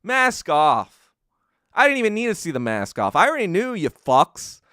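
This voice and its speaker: A man ranting on his podcast with a high, bright, sharp voice that swoops wildly in pitch. His delivery is profane and contemptuous, a rapid-fire tirade. The sound is clean and dry, close on the mic. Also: wildly swooping pitch, no echo. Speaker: podcast host. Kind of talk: angry political rant.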